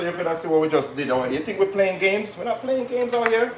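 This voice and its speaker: Man hosting a live kitchen stream, talks to the viewers as he cooks; slightly high voice, roomy sound with faint background noise. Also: fast talker, hardly any pauses. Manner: chatty, patois-tinged asides to viewers. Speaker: cooking show host. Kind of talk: live cooking stream chat.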